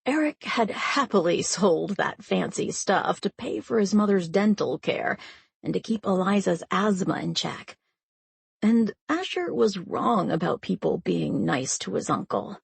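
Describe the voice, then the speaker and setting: A woman narrating a romance audiobook in a measured, scripted style. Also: mid-range voice, lively intonation, creaky, breathy edge, no echo.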